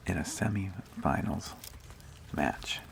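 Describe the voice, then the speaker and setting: A man talking in a gentle, whispery ASMR manner, telling a story unhurriedly while out on a nature hike. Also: low voice, takes it slowly, gravelly, slight background noise. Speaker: ASMR host. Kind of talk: soft-spoken ASMR talk.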